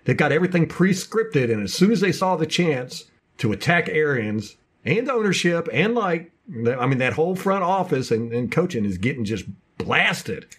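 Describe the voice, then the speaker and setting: A man co-hosting a sports podcast in casual talk, passionate and ranting. His voice is a little husky, and his pitch swoops up and down with energy. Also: big pitch swings. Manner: passionate, ranting, fast bursts. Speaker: podcast co-host.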